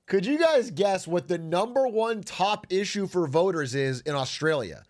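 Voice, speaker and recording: A man's voice: high voice, animated, takes it slowly. A man chatting casually on a livestream, joking and reading messages from chat aloud. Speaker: streamer.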